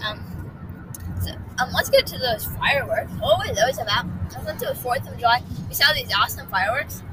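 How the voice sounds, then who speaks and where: A groggy woman co-hosting a casual family podcast with her son, animated and giggly with lots of ums. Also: a little high, fairly quick, crowd noise, noisy background. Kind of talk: casual family chat and storytelling.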